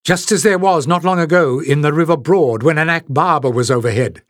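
An earnest, brave young hero who speaks urgently, a little above a normal pitch, voiced by a male storybook reader. The sound is close and dry. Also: a little slow, a bit bright, no echo. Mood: insistent.

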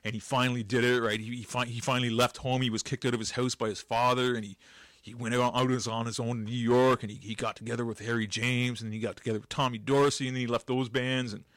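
A man of ordinary pitch hosts a countdown with chatty enthusiasm. His voice is close and dry, with no room sound behind it. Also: flat delivery, quick pace, fairly bright tone, no echo. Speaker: host. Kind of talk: casual countdown chat.

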